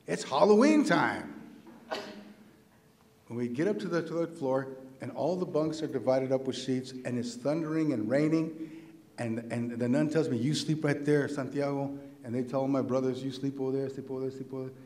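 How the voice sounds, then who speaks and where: A man from New Mexico whose first language is Spanish, a visiting writer telling a personal story to a live audience in an animated, humorous way, acting out the voices he quotes. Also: mid-range voice, moderate pace. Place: university lecture hall. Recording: echoey hall.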